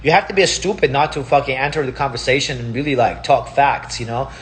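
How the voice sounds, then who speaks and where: Fast and mid-range with a fairly bright tone, this man, Russian being his first language, delivers a heated, profanity-laced casual monologue in Palm Springs and repeats himself.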